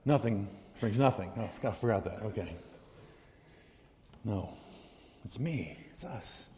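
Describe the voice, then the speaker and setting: A man preaching a sermon as pastor, animated, swinging from loud emphasis to quiet asides. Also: lowish voice, takes it slowly, slight background noise. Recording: long hall reverb.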